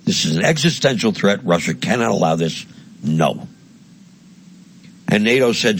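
A man's voice: fairly low pitch, lively intonation, normal speed, long pauses, breathy edge. A man giving a blunt, heated political monologue, crude and mocking in tone. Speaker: political commentator. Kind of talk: impassioned monologue.

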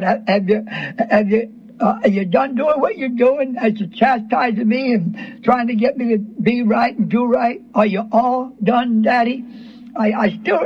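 A middle-aged man preaching a sermon on the radio, earnest and halting, often repeating his words. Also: very high-pitched, husky. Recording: dull lo-fi radio broadcast recording.

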